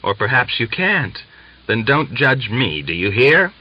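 A man voicing a lusty, defiant young Cossack wife who goes from sly whispers to shrill scolding. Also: big pitch swings, unhurried, husky, lo-fi sound. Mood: taunting.

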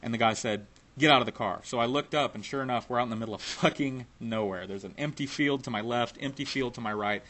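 A man's voice: medium pitch, quick pace, hardly any pauses, a bit bright. A man telling a personal story in a casual, profane way, laughing now and then.

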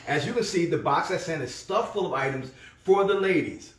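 A man putting on a made-up voice of a warm middle-aged woman, reading her letter aloud in a lilting, sing-song way. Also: on the high side, lively intonation, a little fast, roomy sound, distant mic, a little hiss or hum, pitched above the performer's own voice. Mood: gushing.

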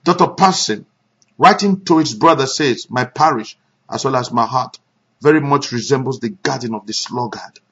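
A male pastor preaching a sermon, animated, with sudden shouts and hushed asides. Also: mid-range voice, moderate pace, slightly rough, dull audio.

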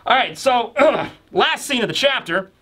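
A man's voice: very high-pitched, expressive, unhurried, bright, forceful tone. A man hosting a casual manga chapter review, rambling and chatty with many fillers.

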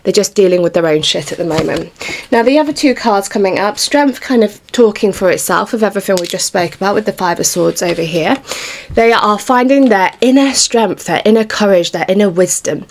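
A woman's voice: medium pitch, moderate pace. A pregnant woman with a British accent giving a casual tarot reading, a little out of breath as she chats and reassures. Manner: chatty, reassuring, informal with occasional swearing. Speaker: tarot reader.

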